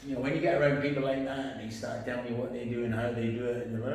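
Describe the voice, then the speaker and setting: A middle-aged man tells profane stories in casual conversation, animatedly acting out other people's lines with sudden, big swings in his voice. He speaks rapid-fire at a medium pitch with few pauses, in a very echoey room with faint background noise.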